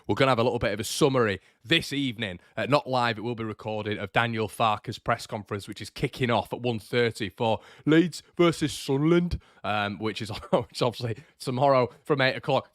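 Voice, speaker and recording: A man's voice: medium pitch, a little fast, few pauses, no echo, clean studio sound. Chatty young man hosting a fan show. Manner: chatty, energetic, repeats words for emphasis. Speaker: football fan channel host. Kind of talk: casual live morning show reading viewer comments.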